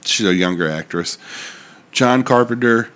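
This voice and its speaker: A man's voice: mid-range voice, measured pace, a bit bright, clean tone. A young man co-hosting a podcast, talking bluntly and dryly, swearing casually. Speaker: podcast co-host. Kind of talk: casual chat.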